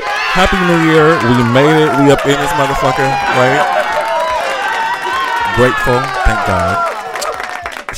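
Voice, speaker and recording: A man's voice: mid-range voice, heavy background noise. A man in his forties hosting his own radio show in a casual monologue, profane and exasperated, laughing often.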